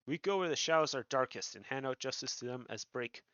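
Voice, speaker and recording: A man's voice: medium pitch, expressive, a little fast, a bit bright, no echo, lightly acted. Male reader as a sly, upbeat thief boss from a fantasy game, slangy patter, dull lo-fi audio. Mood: storytelling. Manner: cheery thieves' slang. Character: sly male rogue guild master, jovial.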